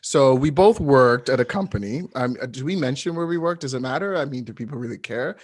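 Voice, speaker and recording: A man from Canada co-hosts a casual podcast, teasing and joking as he tells a story. His pitch swings widely and the sound is dry and close. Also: fairly quick, no echo. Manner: animated, playful, teasing. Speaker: podcast co-host. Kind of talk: casual chat.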